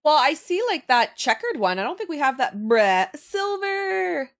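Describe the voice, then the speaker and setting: Lively young woman chatting on stream. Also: high-pitched, a little slow. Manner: chatty, laughs often, reads chat aloud. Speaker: livestream host. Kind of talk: casual livestream chat while drawing.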